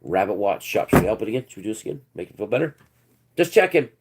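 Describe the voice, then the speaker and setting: A man in the middle of a heated, sarcastic rant, his pitch leaping up and down as he jeers. He repeats taunts in a scornful, profane way as he hosts his own commentary channel. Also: sing-song, quick pace, very noisy. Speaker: channel host. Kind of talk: ranting commentary.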